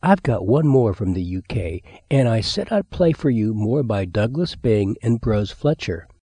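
A man's voice: lowish voice, big pitch swings, unhurried, warm tone, husky, no echo. A man hosting a radio show, casually introducing old records in an easygoing, dry way. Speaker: radio host.

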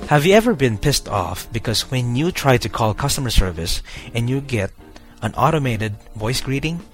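A man's voice: medium pitch, lively intonation, normal speed, faint music behind. A man hosting a podcast, talking casually to his listeners with many fillers and restarts. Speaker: podcast host.

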